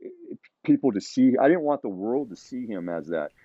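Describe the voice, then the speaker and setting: A man's voice: medium pitch, expressive, moderate pace, warm tone. A middle-aged man telling a personal story in a casual podcast chat, rambling with many restarts and "you know.". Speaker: podcast guest. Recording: tinny phone-like line, dry.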